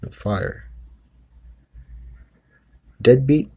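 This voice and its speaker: A man's voice: mid-range voice, extremely slow, gravelly, a little mellow, husky. A man hosting a spiritual talk, telling a story in a casual, rambling way full of asides. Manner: rambling, with many asides of "you know" and "okay".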